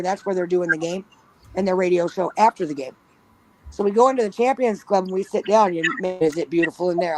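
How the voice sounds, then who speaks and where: A woman's voice: fairly low pitch, a little mellow, rough recording. A woman telling a story in casual talk at home, blunt and swearing freely, often giggling. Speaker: panel guest. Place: at home with pets nearby. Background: dog snoring.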